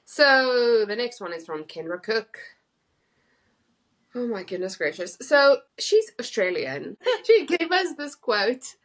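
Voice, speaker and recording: A woman's voice: a little high, big pitch swings, takes it slowly, hardly any pauses. A woman, an Afrikaans speaker, co-hosting a casual chat and laughing easily. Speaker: podcast co-host.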